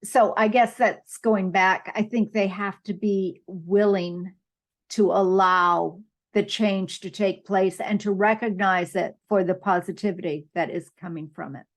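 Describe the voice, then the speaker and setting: A woman's voice: mid-range voice, fairly even intonation, measured pace. A woman hosting a podcast interview, affirming and enthusiastic with her guest. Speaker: podcast host.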